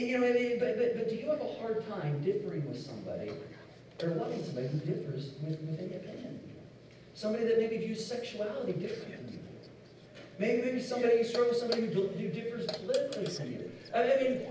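A middle-aged man from Indiana, preaching a sermon with animated storytelling and repeated words. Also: very high-pitched, quick pace, a little hiss or hum. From Indiana, USA. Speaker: pastor. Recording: echoey hall, distant mic.

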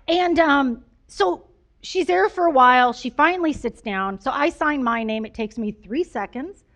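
A woman's voice: high voice, measured pace, fairly bright tone. A woman pastor giving a conversational storytelling sermon, chatty and self-deprecating, with lots of fillers.

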